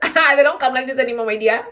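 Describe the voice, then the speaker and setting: Animated Namibian woman telling a story. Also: high-pitched. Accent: Namibian English. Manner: animated, dramatic, laughs often, acts out quotes. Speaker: storytelling vlogger. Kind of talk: casual storytime chat.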